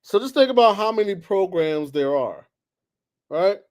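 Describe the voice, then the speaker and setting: Man, high-pitched voice, solo sports commentary, heated and exasperated, loud bursts then low muttering. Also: very animated, unhurried. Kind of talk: animated solo sports talk.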